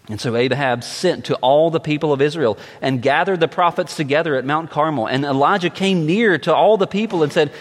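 A man reading scripture aloud in a measured, slow way with dramatic pauses. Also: on the high side. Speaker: scripture reader. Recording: long echoing reverb.

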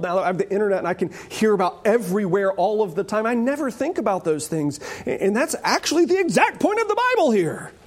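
High-voiced man preaching with jokes. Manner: animated, joking asides. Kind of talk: sermon.

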